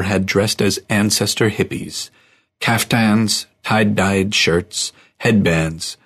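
A man reading a story aloud as audiobook narrator, in a measured storytelling manner. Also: lowish voice, a bit bright, breathy edge.

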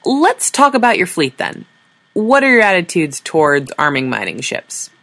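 A woman's voice: fairly low pitch, sing-song, normal speed, fairly bright tone, dry recording, exaggerated voice. Weary, sardonic woman diplomat, as read by a woman.

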